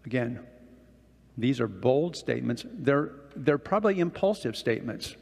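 Gravelly man preaching in an echoing hall. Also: mid-range voice, expressive, moderate pace. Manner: conversational, often checks in with the audience. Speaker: guest preacher. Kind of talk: Bible-study sermon. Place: church or meeting hall with projected slides.

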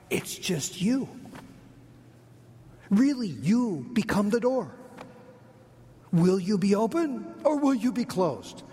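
A man preaching a sermon as a pastor, swinging from loud urgent lines to near-whispers. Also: fairly high pitch, gravelly, a little hiss or hum. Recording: long reverb of a large hall.

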